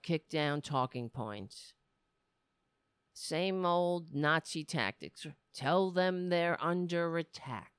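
A woman's voice: mid-range voice, a bit bright, smooth, no echo, clean studio sound. A woman commentator delivering an indignant, sarcastic rant. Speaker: political commentator.

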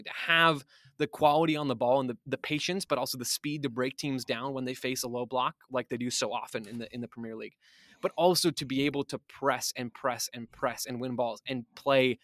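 A man's voice: medium pitch, fairly even intonation, a little fast, a bit bright, no room sound. A man in the guest chair of a podcast, breaking down tactics in casual, thinking-aloud analysis. He restarts sentences as he works out his points. The recording is close and dry, with no room sound. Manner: thoughtful, speculative, restarts often.

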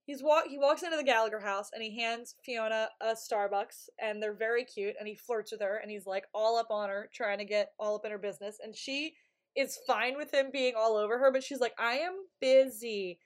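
A podcast co-host with a slightly high voice speaks fairly quickly as she casually recaps a TV episode. She's animated, acting out the characters' lines while retelling it.

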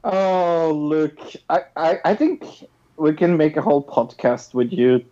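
A man co-hosts a podcast in casual chat, his somewhat high, mellow voice moving at a measured pace. He sounds hesitant, full of filler sounds, repeated words and restarts, on a dull lo-fi recording.

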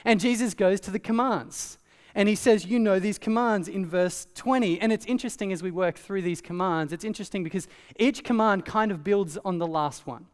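A man preaching a sermon as pastor, in a conversational, animated way with asides. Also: high-pitched, brisk, clean tone, big-room sound.

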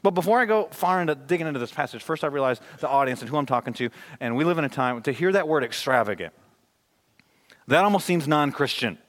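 A male pastor delivering a sermon with a slightly raised pitch. He preaches emphatically, with a delivery that moves between loud and soft. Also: animated, quick pace. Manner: emphatic, varies volume widely.

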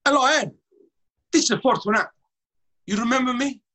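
A man putting on the voice of an excitable older Italian-American restaurant owner who talks pushily and effusively. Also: sits high, normal speed, husky, pitched above the performer's own voice, full character voice. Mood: excited. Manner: effusive, pushy.

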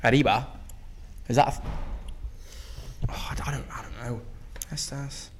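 A man's voice: mid-range voice, steady tone, moderate pace. A male musician chats loosely in a game, shrugging off his mistakes with jokes. A faint hum sits in the background. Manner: self-deprecating, swears casually. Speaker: musician guest. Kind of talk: casual banter.

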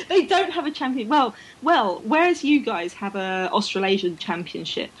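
A woman's voice: mid-range voice, lively intonation, measured pace, breathy edge, low-quality recording. A woman co-hosting a podcast in casual chat, chatty and laughing easily, sometimes stumbling over names. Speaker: podcast co-host.

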